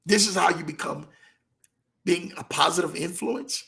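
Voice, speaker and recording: A man hosting a motivational talk show, repeating his key points and slowing down to stress them. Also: a little high, creaky, sharp tone. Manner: preachy, repeats key lines, slows for emphasis.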